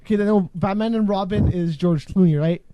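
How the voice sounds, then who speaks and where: A man hosting a casual call-in show, rambling and joking with frequent halting restarts. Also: high voice, dull audio, noisy background. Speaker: podcast host.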